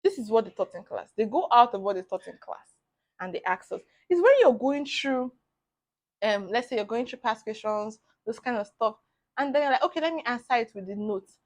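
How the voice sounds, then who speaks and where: A young Nigerian woman in her twenties, a medical student giving bubbly, animated advice in a casual vlog, laughing often. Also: on the high side, moderate pace.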